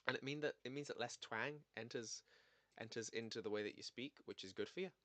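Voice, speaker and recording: A man putting on a higher, showy accent voice and insisting on his point over and over. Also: a little fast, fairly bright tone, no echo, natural voice. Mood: boastful. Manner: insistent, repeating himself.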